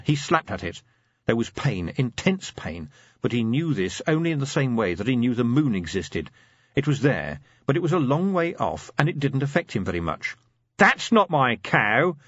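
A man with a husky, mid-pitched voice reads a novel aloud, with his intonation rising and falling freely. The recording is dry and close, and it sounds slightly muffled. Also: no room sound. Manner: lively, expressive storytelling. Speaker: audiobook narrator. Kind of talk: scripted narration.

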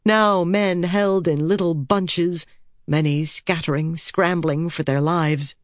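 A woman narrating a fantasy battle scene with steady storytelling delivery. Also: lowish voice, slow, no echo, studio quality. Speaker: audiobook narrator. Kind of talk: scripted narration.

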